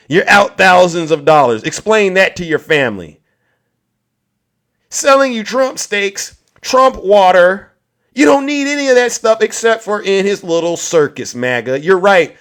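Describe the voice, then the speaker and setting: A man's voice: sits high, a bit bright. A male livestream talk show host giving a combative political monologue in a preachy tone, repeatedly asking "all right?".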